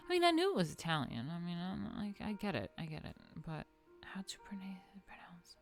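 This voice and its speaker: Woman rambling thru art history, jokey, cusses a lot, goes quiet to mutter stuff, faint music under her. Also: on the low side, wildly swooping pitch, quick pace. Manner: playful, swears freely, mutters asides. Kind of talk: casual art history chat.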